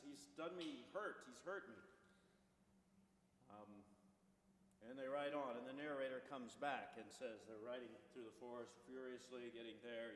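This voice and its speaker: A baritone singer introducing a song to a concert audience, telling its story with frequent restarts and fillers. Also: male voice. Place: church sanctuary. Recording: echoey church from far off, faint hiss.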